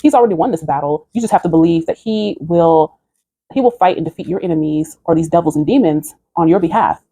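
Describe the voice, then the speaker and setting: Earnest woman with a dark, mellow voice. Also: low-pitched, brisk, breathy edge, no room sound. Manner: earnest, preachy exhortation. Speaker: video creator. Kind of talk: recounting a dream, spiritual vlog.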